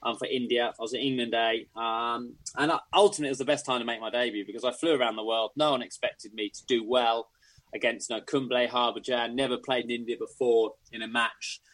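A man's voice: medium pitch, steady tone, fast, fairly bright tone, low-quality recording. Man rambling through a cricket-tour story. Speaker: former cricketer, podcast guest. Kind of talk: casual anecdote.

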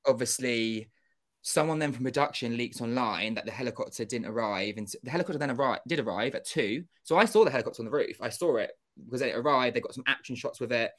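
A young man telling a story as an interview guest, animated and acting out quoted dialogue, with casual swearing. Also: mid-range voice, fast. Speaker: interview guest, former contestant.

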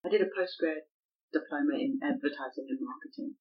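A woman co-hosting a podcast in casual chat, self-deprecating and quick to laugh. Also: low voice, lo-fi sound. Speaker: podcast co-host.

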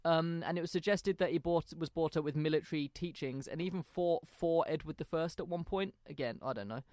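A man's voice: a little high, a little fast, darkish tone, no echo, studio quality. A young man from England, hosting a podcast and telling history in a casual, hesitant, chatty way. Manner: chatty, hesitant, self-deprecating. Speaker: podcast host.

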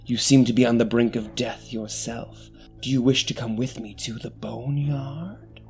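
Man doing a looming skeletal reaper who weighs each word, mid-pitched, faint music underneath. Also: fairly even intonation, darkish tone, lightly acted. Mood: ominous. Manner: slow, measured, menacing. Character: ominous male skeletal death spirit with scythe.

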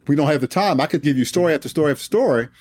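A man in his sixties, a retired general, telling a personal story in an animated, emphatic way. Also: fairly high pitch, very fast, dry recording, studio quality. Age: 60s. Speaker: guest, retired Air Force general. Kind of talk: storytelling in an interview.

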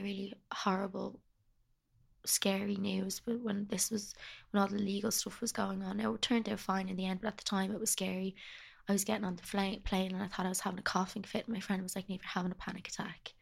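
A young woman speaking as an interview guest, talking in a soft, halting, confessional way about hard personal times. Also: medium pitch, creaky. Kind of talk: candid personal conversation.

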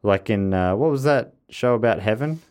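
A man's voice: lowish voice, expressive, normal speed, a little mellow, clean tone. A man co-hosting a podcast in casual chat, reading out listener messages and laughing often between remarks. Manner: chatty, laughs often, frequent fillers and restarts.

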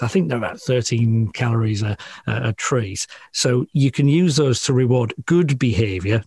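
Gravelly man explaining dog training. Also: mid-range voice, darkish tone, no room sound, studio quality. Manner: chatty and explanatory, laughs often. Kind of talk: casual radio interview.

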